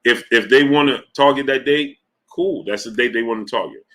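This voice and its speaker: A man's voice: mid-range voice, fairly quick. Emphatic man hosting a boxing livestream. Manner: animated, emphatic, repeats himself. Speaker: boxing show host. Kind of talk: casual livestream talk, reading chat.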